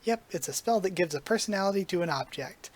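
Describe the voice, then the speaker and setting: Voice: mid-range voice, lively intonation, quick pace, natural voice. A reader voicing a cheerful, sincere young witch girl who speaks in an earnest, friendly way, reading comic dialogue aloud.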